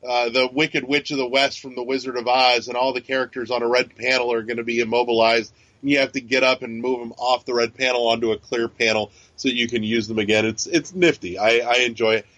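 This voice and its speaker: A man's voice: medium pitch, steady tone, a little fast, hardly any pauses, a bit bright, dry recording. Profane, rambling man on a lo-fi mic. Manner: chatty, profane, frequent fillers and restarts. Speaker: podcast co-host. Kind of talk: casual chat. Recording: dull, lo-fi sound.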